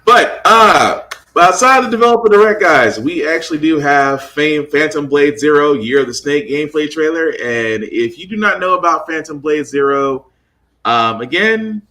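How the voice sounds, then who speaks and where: A man hosts a casual gaming podcast with a lively, bouncing voice. His tone is bright and forceful, and he jumps into the conversation eagerly. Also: on the high side. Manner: animated, quick to jump in. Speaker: podcast host.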